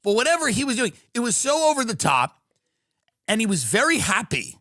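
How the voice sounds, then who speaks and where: A man's voice: high voice, brisk, no echo, studio quality. A middle-aged man from New York, telling rambling, jokey stories on a live stream. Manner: rambling, animated, jokey rants with quoted impressions. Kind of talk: casual live-stream storytelling.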